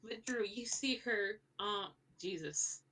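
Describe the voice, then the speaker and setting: Woman game master, casual and rambling, mid pitch, mic a little far off. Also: takes it slowly, sharp tone, husky. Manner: rambling, many fillers and restarts. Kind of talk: narrating a tabletop game.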